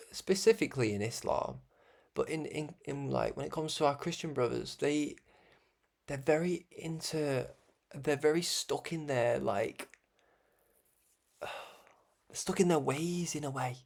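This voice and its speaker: Young man, casual monologue, rambling, animated, laughs a lot, average pitch. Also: a little slow, vocal fry, pauses often. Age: young adult. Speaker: host of a religious broadcast.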